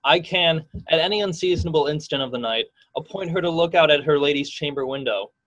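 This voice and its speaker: A sly, plotting henchman, played by a teenage boy, with a conspiratorial way of talking. His voice sits a bit high. The sound comes through muffled video-call audio. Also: a little fast, fairly bright tone, close to an everyday voice. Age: late teens. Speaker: student actor.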